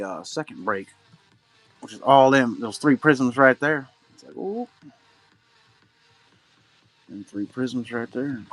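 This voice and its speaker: A middle-aged man hosting a live card-break stream, chatting loosely and humming little filler sounds between remarks. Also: mid-range voice. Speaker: livestream card-break host. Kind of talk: casual live-stream chat.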